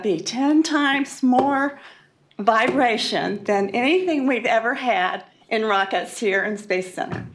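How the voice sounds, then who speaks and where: A woman from Florida giving an emotional public comment at a meeting, halting, with many fillers and nervous laughs. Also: on the high side. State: emotional, upset.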